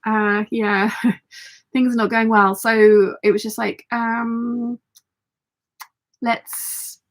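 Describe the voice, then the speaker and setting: A woman hosting a casual sewing livestream, chatty and reading viewer comments aloud, her voice slightly croaky. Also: on the high side, level tone, very slow. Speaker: sewing channel host.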